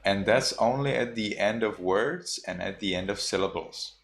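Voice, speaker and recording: A man's voice: lowish voice, moderate pace, creaky, slight background noise. A man teaching a class of children, patiently spelling out sounds and repeating them for the class to echo. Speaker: Buddhist monk teacher.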